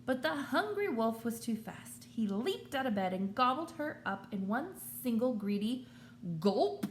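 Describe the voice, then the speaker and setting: A woman teacher reading a children's story aloud in an expressive storytelling manner. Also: a little high, a little slow, a little hiss or hum.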